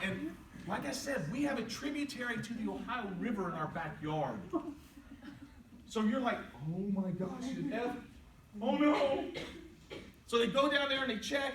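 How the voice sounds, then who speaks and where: Animated man telling stories to a hall. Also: sits high. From West Virginia. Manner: animated, acts out quotes with voice changes. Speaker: motivational speaker. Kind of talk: inspirational speech with storytelling. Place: large hall before a live audience. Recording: roomy, distant, noisy live hall recording.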